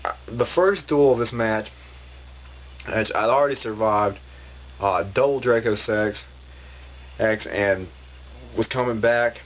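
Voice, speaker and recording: A man ranting in a vlog, rambling and frustrated, with many restarts. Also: lowish voice. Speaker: vlogger.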